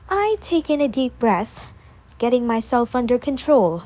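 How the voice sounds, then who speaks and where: A woman narrating a first-person audiobook in a calm, measured reading voice. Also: fairly high pitch.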